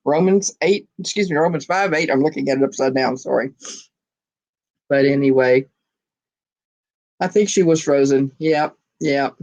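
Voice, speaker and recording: A woman's voice: low-pitched, rough recording. A woman hosting a casual online chat show over a video call, giggly and laughing often. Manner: giggly, animated, lots of laughter. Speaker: host.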